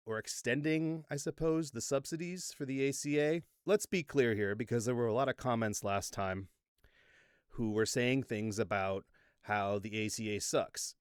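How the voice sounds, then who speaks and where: A man's voice: mid-range voice, clean tone, no room sound, clean studio sound. A man hosting a casual political commentary vlog from a home green-screen setup, goofy and rambling, joking at his own expense. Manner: goofy, rambling, self-deprecating.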